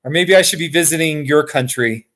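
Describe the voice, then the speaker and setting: An American man from Colorado chatting casually with his viewers on a live stream, excitable and chuckling often. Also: a little high, a little fast. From Colorado, USA. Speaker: YouTuber hosting a live stream.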